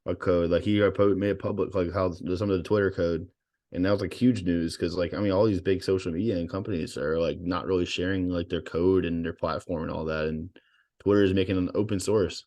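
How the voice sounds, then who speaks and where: Fast-talking low-voiced man. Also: steady tone, a little mellow. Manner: rambling, many fillers and restarts. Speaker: podcast co-host. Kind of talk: casual podcast chat.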